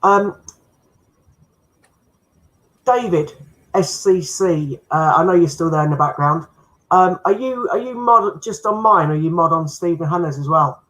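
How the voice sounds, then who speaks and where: Host on a casual live stream, mid-pitched, friendly, reassures viewers. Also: measured pace, long pauses, fairly bright tone, low-quality recording.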